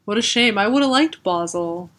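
A woman's voice: medium pitch, expressive, moderate pace, fairly bright tone. A woman from Colorado co-hosting a comics podcast, chatting casually in a wry, teasing way and swearing freely. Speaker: podcast co-host. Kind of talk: casual chat.

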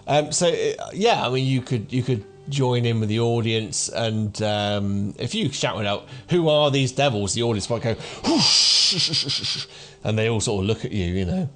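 A man's voice: fairly low pitch, moderate pace, hardly any pauses, soft background music. A man in his thirties narrating as game master for a tabletop game, rambling with many restarts. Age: 30s.

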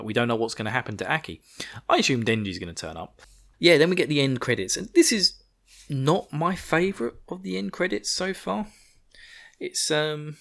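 A man talks through an episode on a podcast mic. His voice sits at an ordinary middle pitch. He rambles loosely, restarts his thoughts and breaks into little chuckles along the way. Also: a bit bright. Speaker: podcast co-host. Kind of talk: casual episode recap. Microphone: podcast microphone.

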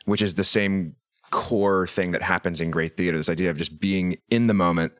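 A man hosting a podcast in a chatty way, reading listener shout-outs. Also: deep voice, steady tone, normal speed. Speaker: podcast host.

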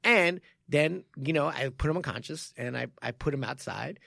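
A man's voice: on the high side, moderate pace, gravelly, no echo, clean studio sound. A man, a martial arts coach and podcast co-host, telling a story in casual chat with frequent laughs and restarts. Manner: animated, laughs often, lots of restarts.

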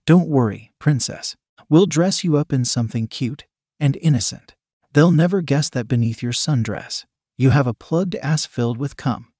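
A man voicing a dominant, teasing man who speaks low, soft and commanding. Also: normal speed, slightly rough, dry recording, clean studio sound, lightly acted.

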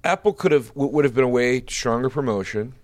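A man in casual podcast banter, talking at a middling pitch and rambling through his points. He swears freely and slips into animated asides. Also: a little fast. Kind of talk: casual chat.

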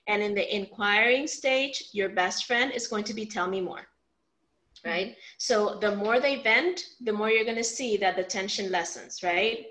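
In poor-quality audio, a woman with a mid-range voice coaches a family communication workshop. Animated, she performs sample lines and keeps asking "right?" to check in with participants.

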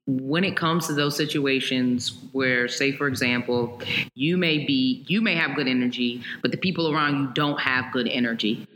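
Woman host, affirming interviewer, extremely low pitch, long room reverb. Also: moderate pace, a bit bright. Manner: affirming, asks follow-up questions. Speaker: podcast host. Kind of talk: interview questions.

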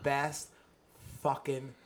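Profane excitable male podcast host. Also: mid-range voice, very slow. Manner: profane, excitable, yells names. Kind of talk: casual chat.

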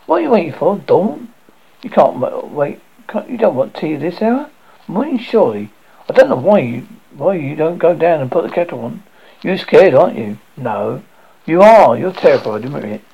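A man voicing a sharp-tongued, sarcastic older mother who scolds her grown son, in a storybook reading. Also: on the high side, sing-song, normal speed, gravelly, breathy edge, muffled recording, pitched above the performer's own voice, exaggerated voice. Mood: scolding.

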